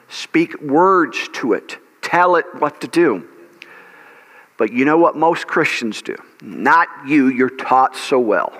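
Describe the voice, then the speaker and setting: A man's voice: medium pitch, fairly bright tone. Emphatic male pastor in a reverberant hall. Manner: emphatic, repeats key words, asks the congregation questions. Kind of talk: sermon. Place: church sanctuary.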